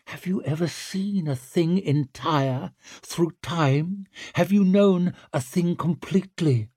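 A man voicing a solemn witch healer who speaks in measured riddles. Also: on the high side, darkish tone, no room sound, studio quality, voice pushed up.

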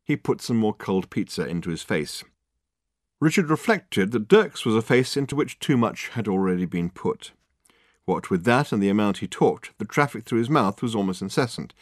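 Low-voiced man reading a novel aloud. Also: animated, normal speed, no echo, clean studio sound. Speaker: audiobook narrator. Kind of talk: scripted narration.

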